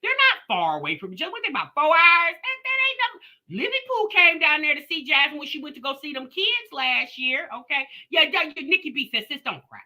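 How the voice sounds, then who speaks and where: A woman hosts a reaction live stream with a sassy, animated delivery. Her voice has a very bright, forceful edge, and her pitch swings widely as she talks straight to her chat. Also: brisk. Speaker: live-stream commentary host.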